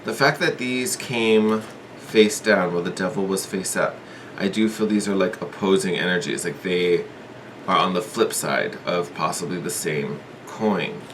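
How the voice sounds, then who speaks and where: A man's voice: low-pitched, unhurried, background noise. A man giving a casual tarot reading, thinking aloud with hedges and repeats in an earnest, encouraging way. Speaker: tarot reader.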